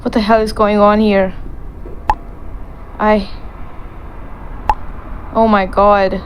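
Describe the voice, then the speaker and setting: A woman's voice: medium pitch, level tone, drawn-out words, slight background noise, low-quality recording. A woman streaming a horror game, scared and repeating herself as she reacts. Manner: jumpy, repeats herself when frightened. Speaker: gameplay streamer. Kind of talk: let's play commentary.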